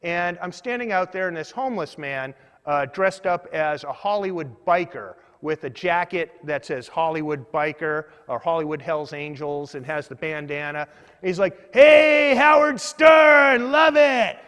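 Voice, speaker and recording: Man storyteller, higher voice, rambling self-mocking comic monologue, long hall reverb. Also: normal speed, clean tone. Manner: meandering, self-deprecating, deadpan asides. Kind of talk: comedic personal storytelling.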